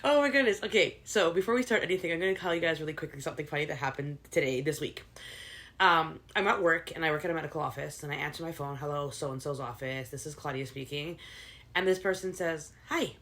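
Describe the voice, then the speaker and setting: A woman's voice: low voice, fast. A middle-aged woman co-hosting a casual podcast with her daughter, telling stories in a bubbly, giggly way. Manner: bubbly, giggly, animated storytelling. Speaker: podcast co-host, mother. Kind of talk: casual chat.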